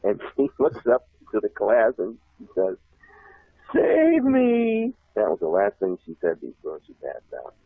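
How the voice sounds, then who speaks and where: Male interview guest, low husky voice, animated rambling storyteller, phone-line audio. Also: normal speed, dry recording. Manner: laughs often, repeats himself, animated. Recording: tinny phone line, dry.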